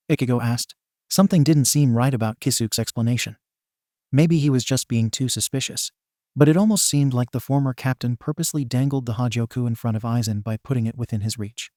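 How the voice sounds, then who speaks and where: A man narrates a written story in a steady, measured way. His voice is mellow and warm, and the sound is dry and close. He reads each line evenly, as a storyteller would. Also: medium pitch, no echo. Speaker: narrator of fan fiction.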